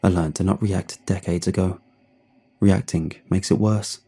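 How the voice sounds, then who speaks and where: A man narrating a first-person horror story in a measured, subdued reading. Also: sits low, steady tone, mellow, breathy edge, faint music behind.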